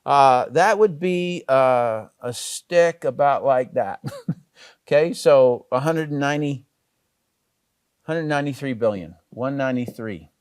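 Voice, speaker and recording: A man's voice: mid-range voice, a little slow, clean tone, no echo. Middle-aged man telling a story, dry sound. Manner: storytelling, many fillers and restarts. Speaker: network marketing trainer. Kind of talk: casual talk with anecdotes.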